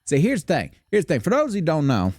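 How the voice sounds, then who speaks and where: A man's voice: on the high side, huge pitch swings, fast talker, darkish tone, a little hiss or hum. A young man streaming a game, chatting casually and swearing freely in a put-on Southern drawl. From Michigan, raised largely in the US South. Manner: profane, laid-back, chatty. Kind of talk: casual live gameplay commentary.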